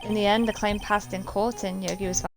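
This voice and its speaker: A woman's voice: medium pitch, steady tone, fairly quick, natural voice. Woman reading as a shaken middle-aged guy telling what happened, subdued, game music under it. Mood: somber. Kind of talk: reading game dialogue aloud.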